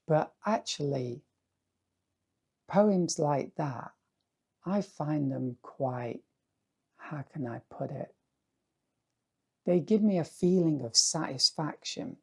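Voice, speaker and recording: Male artist vlogger, hoarse and rambling; mellow, gravelly tone, unhurried. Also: mid-range voice. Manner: rambling, musing, often asks "yeah?". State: hoarse, voice going dry. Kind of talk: casual talk to camera.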